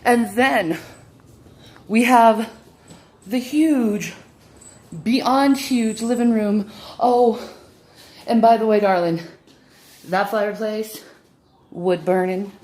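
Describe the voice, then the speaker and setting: A woman's voice: fairly high pitch, slow pace, long pauses, a little mellow. A woman filming a walking tour of her home on a handheld phone. She is out of breath and talks in a showy, defiant way, calling her viewers "darling.". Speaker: vlogger giving a home tour. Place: indoor apartment, moving between rooms.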